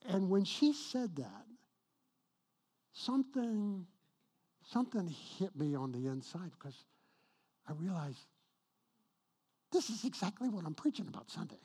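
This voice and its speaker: Husky preacher man telling a story. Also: high-pitched, sing-song, unhurried, long pauses. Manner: storytelling, swings from hushed to loud emphatic. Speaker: pastor. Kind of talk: sermon.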